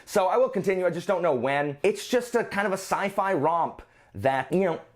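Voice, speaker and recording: Lively, rambling male book reviewer. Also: sits high, normal speed. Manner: rambling, self-interrupting, frequent restarts. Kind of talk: casual book review vlog.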